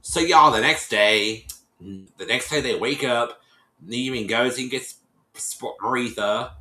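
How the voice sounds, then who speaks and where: A man chatting to his viewers in a bright, clear voice, retelling a show episode in a loose, rambling way. He circles back over his own words and slips into the voices of the people he quotes. The room around him rings with echo. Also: medium pitch, takes it slowly. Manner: rambling, repeats and restarts, acts out quotes. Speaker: vlogger recapping a reality show.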